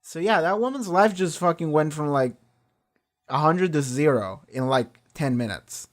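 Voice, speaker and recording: A man's voice: fairly high pitch, expressive, normal speed. A young man reacting to a TV episode, rambling with frequent swearing, fillers and repeated words. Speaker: reaction video host. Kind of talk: casual spoken review after watching an episode.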